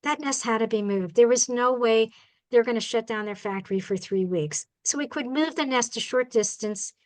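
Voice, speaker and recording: High-voiced woman telling lively stories. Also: normal speed, poor audio. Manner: animated, acts out the people and birds in her stories; chatty, asks the audience "all right?". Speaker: bird rehabilitator giving a talk. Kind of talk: storytelling talk to a club.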